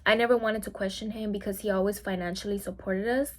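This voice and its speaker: A woman's voice: mid-range voice, steady tone, quick pace. A young woman from Mexico telling a personal story in a casual vlog monologue, full of "like"s and acting out what people said. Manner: chatty, many "like"s, acts out quoted lines. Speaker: mukbang vlogger.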